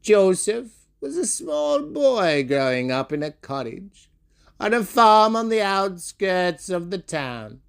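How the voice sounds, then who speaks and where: Taking his time, a man performs a storytelling monologue with big pitch swings, vocal fry and a clean tone. He alternates bright sing-song passages with low sneers and calls out to imaginary listeners by name.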